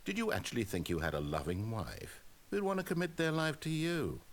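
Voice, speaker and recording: A man with a mid-range voice narrates a game in a dry, teasing way, talking straight to the player with huge swings in pitch and a fairly quick pace. He plays a wry, mocking storybook narrator, and this is scripted narration.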